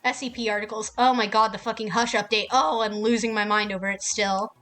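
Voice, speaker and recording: A woman's voice: medium pitch, steady tone, fairly quick, fairly bright tone. A woman streaming a game, ranting casually with heavy swearing. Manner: profane and heated.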